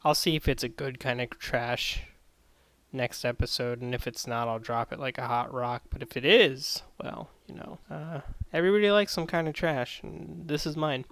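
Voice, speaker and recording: A man rambles through a casual spoken review, swearing freely and staying sardonic. His voice is smooth and resonant. The recording is dry and close. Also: mid-range voice, normal speed, a bit bright, no room sound, rough recording. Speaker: anime reviewer.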